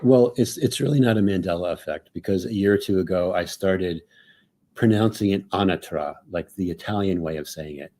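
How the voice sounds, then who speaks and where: A man's voice: low-pitched, brisk, hardly any pauses, mellow. A man on a panel discussion call, talking casually and thinking aloud with many "like"s and "so"s. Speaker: panel regular.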